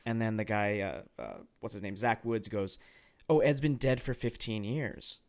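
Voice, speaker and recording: A man co-hosting a film podcast, ranting in an animated, exasperated way with lots of stammered restarts. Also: on the low side, moderate pace. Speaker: podcast co-host. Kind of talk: casual film review chat.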